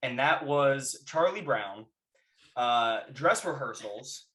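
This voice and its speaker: A man chatting casually on a podcast, telling stories with lively energy and shouting out the lines he quotes. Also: mid-range voice, slow. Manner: animated storyteller who shouts out quoted lines. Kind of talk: casual chat, reminiscing.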